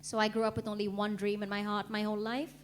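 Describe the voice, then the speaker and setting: A young woman from India performing a stand-up comedy set, deadpan and laughing at her own jokes. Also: medium pitch, fast, slight background noise. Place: comedy club stage.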